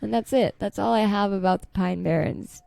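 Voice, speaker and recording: A woman's voice: mid-range voice, normal speed, vocal fry, darkish tone, clean tone, no echo. Chatty woman podcaster, dry close sound. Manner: chatty, lots of "like" and "um", giggly. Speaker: podcast co-host. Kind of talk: casual chat, retelling a story. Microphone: podcast mic.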